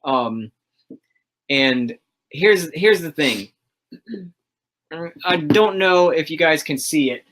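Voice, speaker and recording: A man's voice: a little high, expressive, slow, pauses often, a bit bright. Man, livestream host, casual chat, enthusiastic, rambling, filler-heavy. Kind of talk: casual chat about comics.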